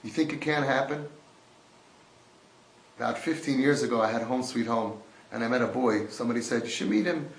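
A man teaching a sermon-style class, swinging from hushed to loud and mixing in Yiddish and Hebrew terms. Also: medium pitch, brisk, pauses often. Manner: swings between hushed and shouting, acts out voices. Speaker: rabbi giving a Torah class. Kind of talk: impassioned sermon. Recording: echoey room.

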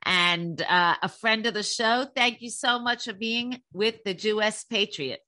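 A woman's voice: mid-range voice, a little slow, sharp tone. A woman hosting a podcast interview, praising and chatty with her guest. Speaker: podcast host.

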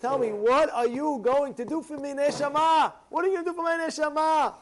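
Man doing a pushy aging dad, keeps repeating himself, kinda high voice. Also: fairly even intonation, brisk, a little hiss or hum. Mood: insistent. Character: aging father, insistent and worried about legacy.

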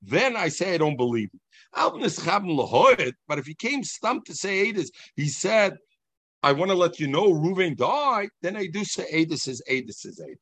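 Lively sing-song male Talmud teacher. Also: on the high side, moderate pace, no room sound. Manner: sing-song, animated explaining, mixes Hebrew and Yiddish terms. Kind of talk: Talmud class lecture.

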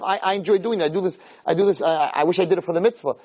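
A man giving a weekly Torah talk as a lively, chatty storyteller who drops in Hebrew terms. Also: sits high, fast talker, few pauses, rough recording. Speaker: Torah lecturer.

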